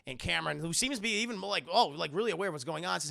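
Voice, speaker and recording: A man recapping a TV episode on a live stream in a casual, animated, profane way, often addressing his chat. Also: sits high, rapid-fire, vocal fry, hardly any pauses, no echo, clean studio sound. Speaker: streamer and TV reviewer.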